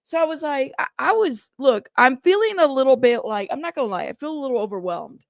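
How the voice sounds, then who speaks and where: Mulher animada e tagarela numa live, voz aguda e seca. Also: female voice, high voice, expressive, brisk, vocal fry, dry recording, studio quality. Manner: chatty, greets chat by name, rambling restarts. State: tired and frustrated. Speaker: livestream host. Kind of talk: casual live-stream chat.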